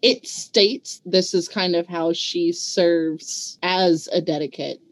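A woman co-hosting a casual book discussion, reflective and given to long, drawn-out explanations. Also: on the low side, fairly even intonation, dry recording. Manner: reflective, talks at length, drawn-out phrasing. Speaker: book club co-host.

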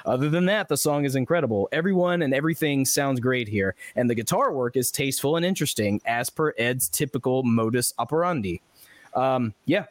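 A man's voice: mid-range voice, expressive, fairly quick, no echo. Chatty male podcast host, dry sound. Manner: chatty, laughs often, frequent fillers. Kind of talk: casual chat, reading listener comments.

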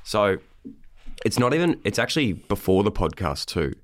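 An Australian podcast host with a very low voice talks loosely, swearing and wandering through a long story. The sound is close and dry, with no room around it. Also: male voice, sing-song, normal speed, no echo. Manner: rambling, swears freely, trails off and restarts. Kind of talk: casual podcast chat.

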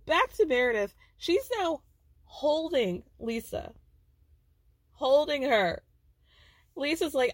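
A woman's voice: high voice, expressive, slow pace, pauses often, no echo. A woman hosting a casual podcast, recapping reality TV in a gossipy, chatty way and laughing often.

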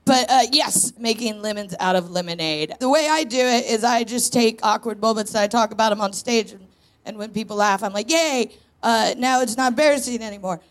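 A woman's voice: mid-range voice, a little fast. A woman in her thirties doing a chatty, self-deprecating stand-up set on a stage before a live audience. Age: 30s. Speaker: stand-up comedian guest.

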